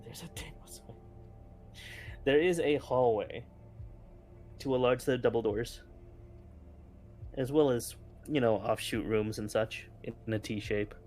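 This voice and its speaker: Relaxed man running a tabletop game. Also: medium pitch, a little slow, long pauses, faint music behind. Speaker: game master.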